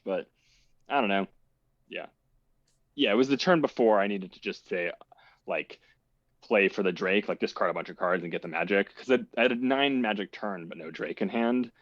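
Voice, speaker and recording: Low-voiced man, muffled dry call audio. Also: fairly quick, no room sound. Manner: hesitant, self-critical recap. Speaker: game player. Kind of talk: post-game interview.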